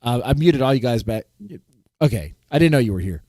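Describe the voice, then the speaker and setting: Teasing male stream host, lively pitch. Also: fairly quick, no room sound, studio quality. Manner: teasing, casual. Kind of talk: casual stream chat.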